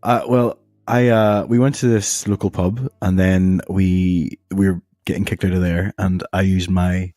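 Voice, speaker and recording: A man's voice: lowish voice, fairly even intonation, measured pace, hardly any pauses, warm tone, no room sound, studio quality. A young man co-hosting a podcast, chatting casually in a jokey, rambling way. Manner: jokey, rambling, laughs often. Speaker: podcast co-host. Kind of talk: casual chat.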